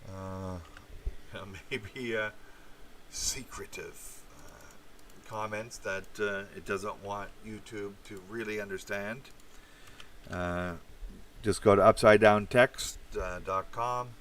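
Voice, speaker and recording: Rambling, low-voiced man commenting. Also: steady tone, takes it slowly, fairly bright tone, a little hiss or hum. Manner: meandering, many fillers, sardonic asides. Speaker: channel host. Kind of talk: rambling political commentary livestream.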